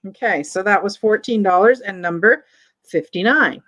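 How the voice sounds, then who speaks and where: A woman's voice: mid-range voice, moderate pace, a bit bright, low-quality recording. A woman with a Southern American accent hosting a live online vintage sale in a chatty way, reading viewer comments aloud between descriptions of items. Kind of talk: live-stream sales chat.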